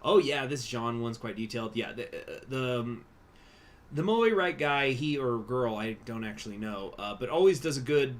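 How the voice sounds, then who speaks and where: A man's voice: mid-range voice, moderate pace. A man casually commenting while streaming a strategy game, chatty and rambling with many fillers and restarts.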